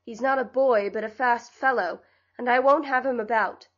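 A woman reading the part of a stern, quick-tempered middle-aged father in a storybook, speaking in curt, commanding tones on a slightly dull, lo-fi recording. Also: on the high side, fairly even intonation, natural voice.

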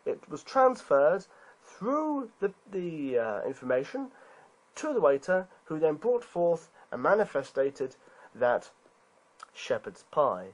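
Man, husky voice, lively pitch, preachy rhetorical argument. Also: takes it slowly, muffled recording. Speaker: video creator being responded to.

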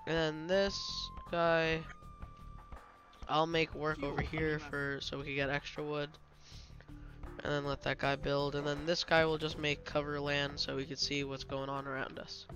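A man's voice: a little high, flat delivery, moderate pace, over music. A young man with a slight cold, casually commenting on a strategy game he is playing, explaining as he goes and stumbling over his words. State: slightly sick, coughing. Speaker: gaming channel host.

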